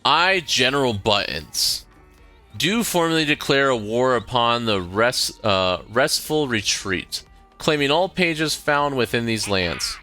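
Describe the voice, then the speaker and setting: A man reading aloud the lines of a pompous male cat general, stiff and halting. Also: mid-range voice, expressive, pushed and bright, soft background music.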